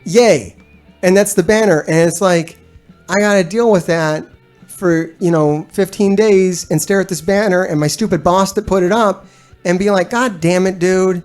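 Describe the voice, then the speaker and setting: A man's voice: high-pitched, steady tone, normal speed, a little mellow, faint music behind. A man hosting a gaming stream, talking casually to his chat in a blunt, profane and exasperated rant that rambles with restarts and frequent laughs. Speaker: gaming streamer and video host. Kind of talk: casual ranting commentary to a live chat.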